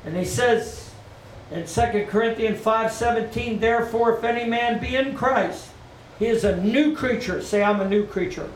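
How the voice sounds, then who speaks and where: High-voiced preaching man, echoey and distant. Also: moderate pace, slight background noise. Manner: repetitive call-and-response preaching. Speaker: pastor. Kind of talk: sermon. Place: church sanctuary. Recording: echoey room from far off, faint ambience.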